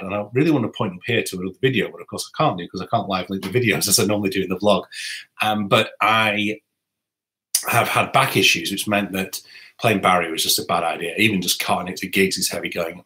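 Man, bright voice, live stream host, rambling and chatty, reads out viewer comments. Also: lowish voice. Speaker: saxophonist and YouTuber host. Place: home music room.

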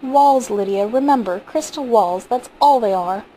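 A woman reading aloud, voicing a calm, gently teasing husband in a story, with a faint hiss behind her. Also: fairly high pitch, unhurried, natural voice, low-quality recording. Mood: reassuring. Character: weary amused husband, a man in his prime. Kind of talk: audiobook reading.

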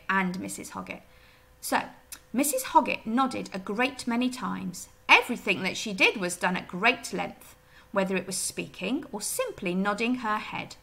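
A woman teacher talks through a reading lesson with a bright, clear tone and lively ups and downs in pitch. Her voice sits a little high with a gravelly edge at the ends of phrases. She explains patiently and keeps asking her pupils questions. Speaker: primary school teacher.

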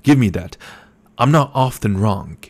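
A man's voice: fairly low pitch, lively intonation, a little slow, darkish tone. A man voicing a proud, venomous male advisor who talks in a tense, biting, defensive way.

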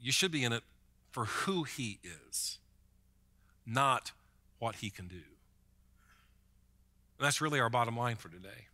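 A man's voice: mid-range voice, expressive, slow pace, long pauses, bright, forceful tone. A man preaching a sermon as pastor, in a conversational way, often repeating a word as he starts a thought.

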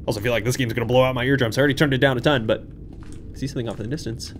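A young man hosting a horror game playthrough, talking to viewers, jumpy and swinging from hushed muttering to yelps. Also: medium pitch, steady tone, racing, noisy background. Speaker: gaming channel host. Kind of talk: horror game let's play commentary. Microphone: desk microphone.

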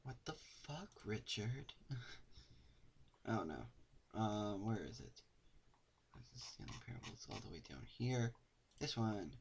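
A young man streaming a game, joking and swearing, with sudden loud outbursts. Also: fairly low pitch, big pitch swings, slow pace, long pauses, muffled recording, slight background noise. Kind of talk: casual gameplay commentary.

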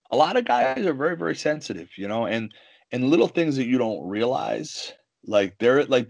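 A man telling stories in a casual podcast chat, animated and swearing freely. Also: medium pitch, no room sound, poor audio. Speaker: guest, jiu-jitsu coach and fighter.

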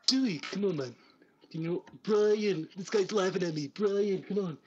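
A man doing an impression of a snooty cartoon baby boy in a loud, whiny voice over video chat. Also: high-pitched, measured pace, pitched above the performer's own voice. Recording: dull lo-fi video chat audio.

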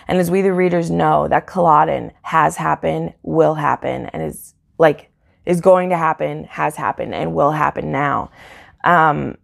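A woman's voice: low-pitched, vocal fry. A woman book YouTuber chatting casually and emotionally about a novel, rambling with plenty of fillers. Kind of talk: casual book review chat.

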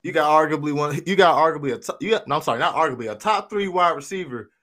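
A man's voice: on the high side, fast, fairly bright tone. A man co-hosting a sports podcast in casual chat, often correcting himself mid-sentence. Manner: self-correcting, conversational. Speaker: podcast co-host.

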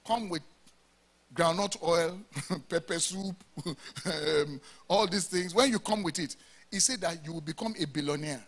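A man's voice: sits high, a bit bright. A Nigerian pastor preaching a sermon to his congregation, with emphatic, rhetorical questions. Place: church service before a congregation.

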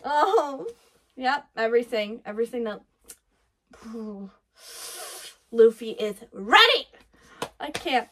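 A woman hosting an anime reaction, talking excitedly over what she watches, gasping, laughing and swearing. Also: on the high side, takes it slowly, long pauses. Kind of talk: live reaction commentary.

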